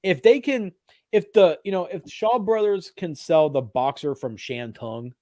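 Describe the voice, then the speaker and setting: A man co-hosting a casual film chat show, animated and swearing freely. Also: high voice, unhurried, no room sound, clean studio sound. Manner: animated, swears freely, does mocking put-on voices. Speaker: podcast co-host. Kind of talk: casual chat about films.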